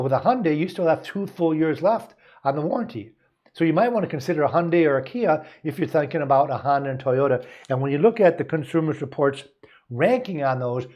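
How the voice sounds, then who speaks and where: A man's voice: a little high, a little mellow. A man from the United States who hosts a show as a car dealer. He gives casual advice, partly reads aloud, and rambles folksily with many asides and restarts.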